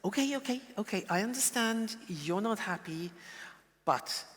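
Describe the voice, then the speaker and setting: A man as a gentle, caring meerkat. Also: sits high, animated, measured pace. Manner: gentle, soothing. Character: calm, caring, curious meerkat. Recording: long reverberant hall.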